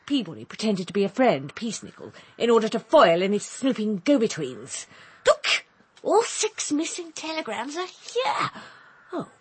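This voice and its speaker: A woman's voice: a little high, a little mellow, breathy edge, heavily acted. A woman playing a prim, sentimental schoolmistress in a comic radio play. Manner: prim, fluttery, indignant.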